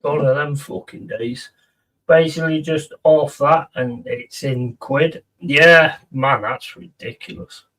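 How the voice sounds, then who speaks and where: A man's voice: fairly high pitch, fairly even intonation, slow pace, fairly bright tone, distant mic, slight background noise. A man chatting casually on a live stream, reading out and answering viewers' messages and swearing freely.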